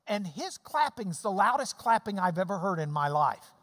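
A pastor preaching a sermon, telling stories and explaining scripture in an animated way and acting out the clapping. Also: mid-range voice, normal speed, background noise. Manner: animated storytelling, mimics clapping. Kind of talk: sermon with Bible teaching. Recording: long hall reverb.

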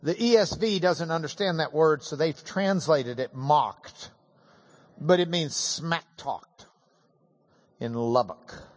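A pastor preaches at a slow, deliberate pace with a somewhat high voice. He tells the story with humor and emphatic swings, leaning hard on the key lines. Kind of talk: sermon.

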